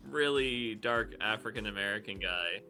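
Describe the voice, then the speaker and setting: Man, lowish bright voice, blunt, swearing, rambling, casual podcast chat. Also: moderate pace, faint music behind. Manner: blunt, swears freely, rambling with many fillers. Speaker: podcast co-host.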